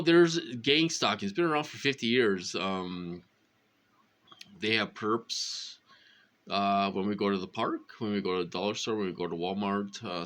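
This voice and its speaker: A Minnesotan vlogger delivers a casual monologue to camera in a bright, forceful voice. He rambles, packing his speech with fillers and repeated phrases, and his pitch jumps up when he imitates what other people said.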